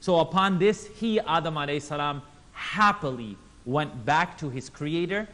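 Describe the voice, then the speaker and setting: A man teaching a religious class, animated, acting out quotes in voices and asking the audience questions. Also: fairly high pitch, normal speed. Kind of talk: Islamic class lecture.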